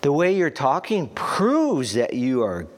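A man teaching a Bible study, reading scripture aloud and then explaining it in a halting, conversational way. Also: on the high side, huge pitch swings. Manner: slow, halting, conversational asides.

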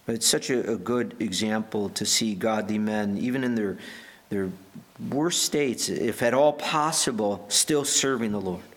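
A man's voice: fairly low pitch, measured pace. Earnest man preaching a sermon. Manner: earnest, conversational, with frequent restarts. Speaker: pastor.

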